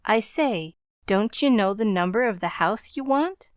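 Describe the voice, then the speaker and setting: A woman's voice: medium pitch, animated, measured pace, clear, resonant tone, dry recording, close to an everyday voice. A woman voicing a young street-smart newsboy who talks in clipped slang. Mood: brash.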